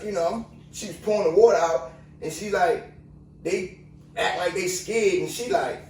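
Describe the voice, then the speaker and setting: High-voiced man in an echoey room. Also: unhurried, darkish tone, a little hiss or hum. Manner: emphatic, keeps saying "remember" and asking viewers questions. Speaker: commentator. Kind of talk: casual commentary to viewers. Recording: echoey room, mic at a distance.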